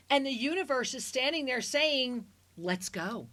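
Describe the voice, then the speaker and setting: High-voiced, effusive woman radio host. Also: lively intonation, unhurried, hardly any pauses, fairly bright tone. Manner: effusive and affectionate, calls callers honey. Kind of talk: spiritual call-in radio talk.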